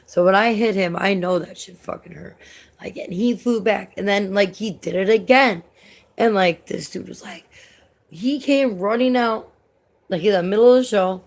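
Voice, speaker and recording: Gravelly-voiced woman rambling excitedly. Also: mid-range voice, normal speed. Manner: rambling, heavy use of "like", swears often. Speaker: vlogger. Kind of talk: casual storytelling vlog.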